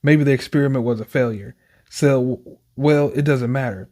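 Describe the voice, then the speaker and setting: A man's voice: medium pitch, moderate pace, warm tone. A man hosting a manga reaction, chatting casually and reading the panels aloud in loose, slangy commentary.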